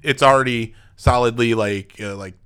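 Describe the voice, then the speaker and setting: A relaxed man talking over a film with a friend, mostly agreeing and now and then retelling a scene in his own words. His voice sits in an ordinary middle range for a man. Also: medium pitch, moderate pace, clear, resonant tone. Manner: laid-back, chimes in with agreement and quoted lines. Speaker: movie podcast co-host. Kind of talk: casual movie recap chat.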